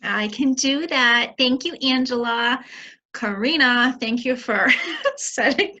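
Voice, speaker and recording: Bright-voiced woman from Maine, earnest. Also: a little high. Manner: earnest, halting with fillers. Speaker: guest speaker. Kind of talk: emotional personal testimony. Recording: dull lo-fi audio.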